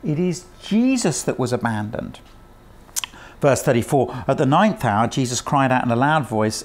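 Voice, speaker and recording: Male preacher, mid-pitched voice, earnest and emphatic sermon delivery. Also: very animated, normal speed. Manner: earnest, emphatic, rhetorical questions.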